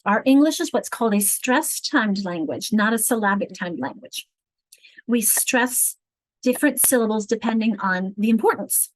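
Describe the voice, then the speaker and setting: Lady running a teacher webinar on reading, kinda high voice, no room echo, keeps asking "right?". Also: expressive, moderate pace. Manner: explanatory, counts words aloud and asks rhetorical checks. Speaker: literacy trainer.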